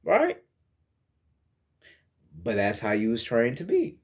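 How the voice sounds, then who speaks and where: A young man, a spiritual teacher, gives a casual spoken lesson on meditation that's blunt, profane and preachy, often repeating words while hunting for phrasing. His medium-pitched voice swoops wildly and runs a little fast.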